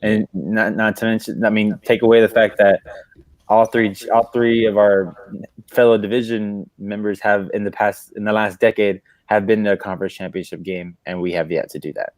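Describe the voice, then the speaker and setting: A man with a low voice gives heated fan takes on football, stopping often for "uh" and "like." He sounds exasperated and earnest. His voice is dry and close to the mic. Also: fairly even intonation, normal speed, a little mellow, dry recording. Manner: earnest, exasperated fan opinions with many fillers. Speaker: podcast co-host. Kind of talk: casual sports talk.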